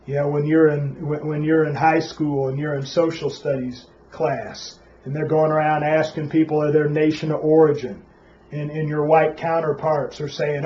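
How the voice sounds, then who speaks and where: A man preaches a Sabbath Bible class in a somewhat high voice. He keeps coming back to "Praise Yah" and keeps asking questions of his listeners. The recording sounds dull and lo-fi. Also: fairly even intonation, normal speed, a little mellow.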